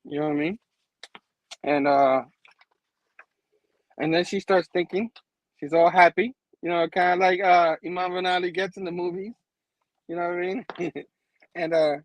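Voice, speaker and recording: A man's voice: high-pitched, fairly even intonation, normal speed, pauses often, no room sound, highs cut off. A man hosting a comic book review show, casually recapping an issue in a rambling way, chuckling often and using lots of fillers.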